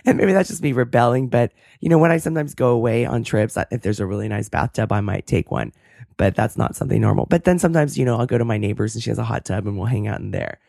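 A woman hosting a podcast with a hoarse, cracking voice, talking in an earnest, thoughtful way. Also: rumbling low, animated, fast, warm tone, no echo, clean studio sound. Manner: earnest, thoughtful, self-deprecating. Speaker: podcast host. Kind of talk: casual interview chat and solo reflection.

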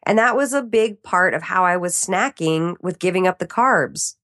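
A woman talking as a podcast guest in casual interview chat, animated and often laughing as she acts out her own reactions. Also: on the low side, moderate pace.

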